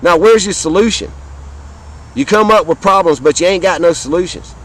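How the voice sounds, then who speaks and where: A man from the American South with a noticeably high-pitched voice delivers an impassioned, profane rant. He speaks straight to his viewers and drives his points home through repetition. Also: normal speed, low-quality recording. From Southern United States. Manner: fiery, profane, repetitive, addresses viewers directly. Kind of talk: impassioned political rant to camera.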